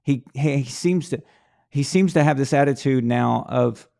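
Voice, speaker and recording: A man's voice: mid-range voice, fairly even intonation, moderate pace, creaky, darkish tone. A man hosting a live sports talk stream, thinking aloud in a rambling way with many restarts and repeated words. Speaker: live show host. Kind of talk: casual sports talk livestream.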